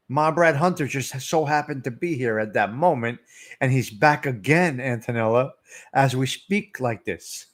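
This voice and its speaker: A middle-aged man, rambling and teasing viewers by name as he hosts a casual live stream. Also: medium pitch. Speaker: livestream host.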